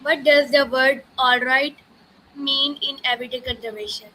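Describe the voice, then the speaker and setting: A woman student reads out her interview questions haltingly, pausing and restarting. Her voice is high and bright, with faint background noise behind it. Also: fairly even intonation, rough recording. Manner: halting, hesitant delivery. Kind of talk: reading prepared questions.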